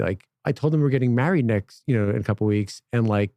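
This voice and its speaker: A man's voice: lowish voice, quick pace, hardly any pauses, no room sound. A man, a podcast guest, telling a long story in casual chat, acting out the voices of the people in it. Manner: animated, acts out quoted voices.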